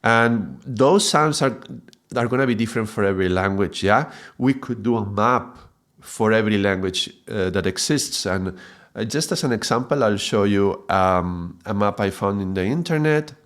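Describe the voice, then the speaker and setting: A man explains a lesson in a somewhat low voice. He talks haltingly, repeating and restarting words and checking in with a quick "yeah?" as he goes. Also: lively intonation, fairly bright tone. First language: Spanish. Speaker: mantra teacher.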